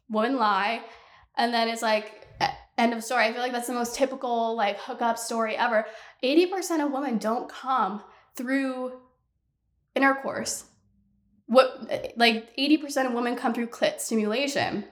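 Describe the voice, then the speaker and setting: A woman's voice: a little high, roomy sound. A woman in her twenties hosting a podcast alone, ranting candidly in casual talk and swearing freely. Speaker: podcast host. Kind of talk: casual solo podcast rant.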